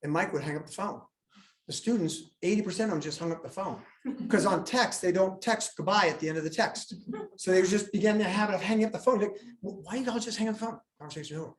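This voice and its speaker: Talking quickly in a high voice, a man addresses parents at a live meeting in an echoey school room. He's a school administrator telling funny stories and playfully impersonating students.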